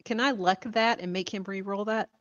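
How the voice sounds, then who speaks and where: A woman playing a tabletop game, calling her moves briskly and decisively. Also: mid-range voice, steady tone, fairly bright tone, no echo, highs cut off. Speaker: player. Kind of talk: casual tabletop game chat.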